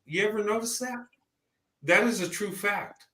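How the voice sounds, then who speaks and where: In a reverberant space, a male podcast host with a high, sharp-toned voice chats casually at a moderate pace. He is from the American South, and his talk rambles, with repeated words whenever he begins a new thought.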